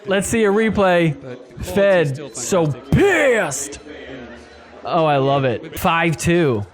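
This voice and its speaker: A man hosting a podcast who reacts to sports clips with animated commentary, laughing often and putting on mock voices for the players. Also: on the high side, extremely slow, soft background music. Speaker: podcast host.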